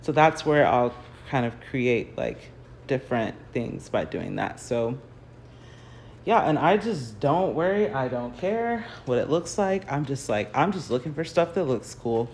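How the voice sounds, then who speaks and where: A woman's voice: very deep voice, lively intonation, measured pace, darkish tone, slight background noise. An American woman chats casually through a phone livestream while painting in her home garage. Her talk rambles, is full of fillers, and often breaks into laughter. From United States. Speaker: artist hosting a livestream. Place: home garage, early morning.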